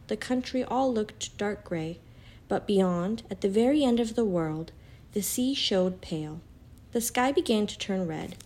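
A woman reading a children's storybook aloud in a calm, even narrating voice. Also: mid-range voice, a little hiss or hum.

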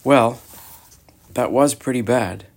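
A man voicing a kind, earnest young girl who speaks gently and pleads. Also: mid-range voice, slow, slight background noise.

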